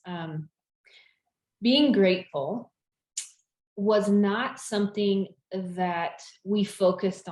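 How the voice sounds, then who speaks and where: An enthusiastic woman from California chats as a podcast guest, often restarting her sentences. Her voice sits at an ordinary pitch. The recording has a noticeably echoey room sound. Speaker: podcast guest, business founder. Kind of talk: casual conversation. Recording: roomy echo.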